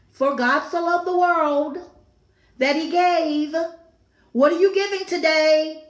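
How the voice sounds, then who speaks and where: A woman's voice: high-pitched, fairly even intonation, slow pace. A woman hosting a talk show, giving a fervent, preaching-style devotional talk with repeated phrases and exclaimed asides. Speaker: talk show host teaching scripture. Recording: echoey room.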